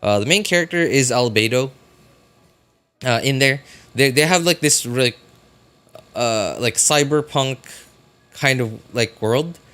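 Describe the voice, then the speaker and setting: A man's voice: mid-range voice, unhurried, pauses often, a bit bright, clear, resonant tone. A man streaming a live reaction, chatting casually and rambling with many fillers and restarts.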